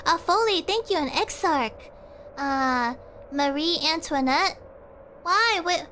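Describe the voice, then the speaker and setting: A woman's voice: high voice, expressive, slow, pushed and bright, slight background noise. A young woman streaming, chatting casually and rambling, giggling often and talking to her chat.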